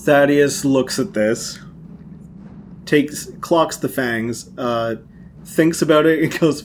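A man playing a tabletop game, speaking slowly and deliberately with hesitations. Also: medium pitch, a little hiss or hum. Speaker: player.

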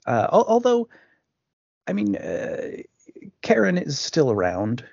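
A man's voice: medium pitch, huge pitch swings, slow pace, creaky, muffled recording, a crowd in the background. A man co-hosting a podcast, chatting casually about a film with stammering restarts. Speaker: podcast co-host.

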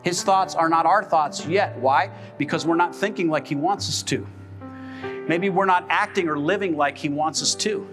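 A man's voice: a little high, normal speed, music in the background. A man preaching a sermon as pastor, emphatic and calling out for responses from the congregation. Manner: emphatic, with call-and-response questions. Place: church sanctuary.

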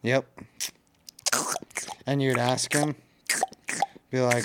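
A man's voice: on the low side, normal speed, creaky, heavy background noise. A man co-hosting a podcast, talking casually and with a lot of profanity. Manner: laid-back, profane, says dude a lot. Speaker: podcast co-host. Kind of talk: casual chat.

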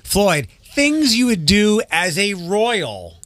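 A man hosting a radio show, brisk and quick to laugh as he runs a quick-fire game. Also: high voice, very animated, very noisy. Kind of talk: casual studio banter.

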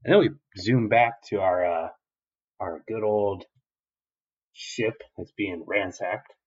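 A man's voice: lowish voice, slow, husky. A man co-hosting a podcast, recapping an episode in a rambling, filler-heavy, profane way. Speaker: podcast co-host. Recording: dull lo-fi recording.

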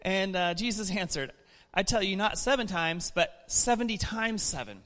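A man preaching a sermon in a relaxed, conversational way, chuckling and restarting his sentences as he reads and explains scripture in church. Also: high voice, normal speed, long reverb tail.

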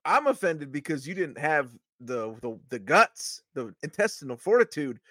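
Guy running a hoops podcast, playful, asking everyone for shout outs, dry sound. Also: on the high side, sing-song, moderate pace, no room sound. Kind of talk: casual sports chat.

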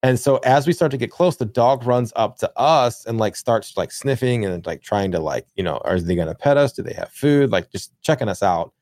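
A man's voice: mid-range voice, expressive, brisk, hardly any pauses, darkish tone, dry recording, studio quality. A young man co-hosting a podcast, telling blunt, profane, rambling stories in casual chat. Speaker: podcast co-host.

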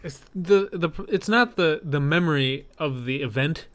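A man's voice: a little high, a little slow, fairly bright tone. A man co-hosting a casual podcast chat, matter-of-fact with dry humor. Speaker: podcast co-host.

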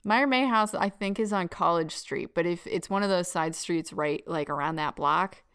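A woman's voice: lowish voice, moderate pace, fairly bright tone, clean tone. A young woman co-hosting a podcast, rambling through a story in casual chat with frequent giggles. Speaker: podcast co-host.

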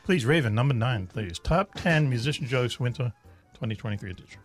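A man's voice: mid-range voice, expressive, a little fast, faint music behind. A middle-aged man hosting a radio talk show, chatting in a joking way with many fillers. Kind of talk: casual radio chat. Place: radio studio.

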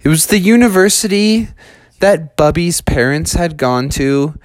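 A man narrating a children's story in a casual, read-aloud way, telling it slowly and with lively expression. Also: fairly high pitch, dry recording, studio quality.

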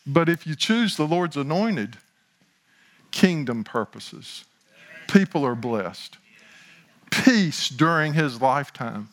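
A man preaching a sermon as pastor, building to slow, emphatic lines, with chatty asides and talk of himself in the third person. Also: on the high side, sing-song, a bit bright.

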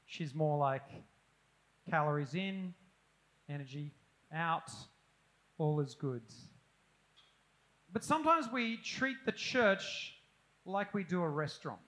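A middle-aged man preaching a sermon, animated and self-deprecating with humorous asides. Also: a little high, slow, pauses often, poor audio. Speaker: pastor.

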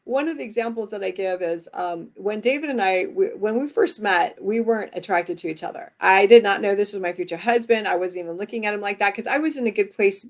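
A woman author, interviewed as a guest, telling lively stories and acting out the dialogue in them. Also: medium pitch, a little fast, few pauses. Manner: animated storytelling, acts out quoted dialogue. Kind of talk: conversational interview.

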